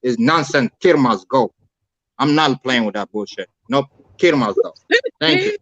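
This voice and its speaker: A man's voice: medium pitch, moderate pace, fairly bright tone, no echo, highs cut off. A man calling in to a talk show, speaking in a heated, preachy, repetitive way. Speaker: caller. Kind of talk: impassioned call-in rant.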